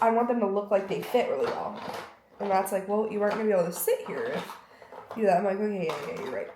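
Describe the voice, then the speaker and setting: A woman's voice: mid-range voice, a little mellow, a little hiss or hum. A young woman chatting to camera in a rambling, self-mocking vlog at home, acting out little bits of dialogue. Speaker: lifestyle vlogger. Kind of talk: rambling casual chat to camera. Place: room of a house. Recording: roomy echo.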